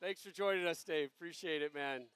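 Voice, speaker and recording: High-voiced upbeat male host. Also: fairly quick, a bit bright, smooth, no room sound. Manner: upbeat, crowd-rousing host patter. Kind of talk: live show hosting.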